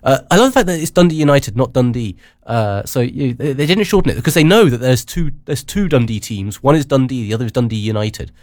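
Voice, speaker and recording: A man hosting a casual news chat, rambling with many halting restarts. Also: medium pitch, lively intonation, darkish tone, no room sound, clean studio sound. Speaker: radio show host.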